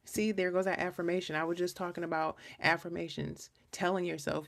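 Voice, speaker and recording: Woman with a deep, husky, fry-heavy voice doing a live tarot reading, emotional and rambling. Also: little pitch movement, fairly quick, few pauses. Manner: chatty and rambling, frequent restarts; earnest and emotional. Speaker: tarot reader hosting a live stream. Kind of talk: casual live-stream reading.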